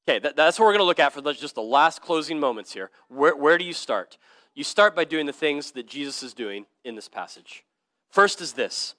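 A man's voice: a little high, expressive, fairly quick, a bit bright, dry recording, studio quality. A man preaching a sermon in church, earnest and emphatic, with casual slang and frequent word repeats. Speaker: pastor. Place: church service.

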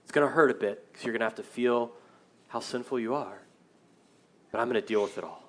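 A man in his thirties preaching to his church in an earnest sermon voice. He swings between loud, emphatic bursts and quiet, reflective stretches, with a mid-range pitch. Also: a little fast, a little hiss or hum. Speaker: pastor.

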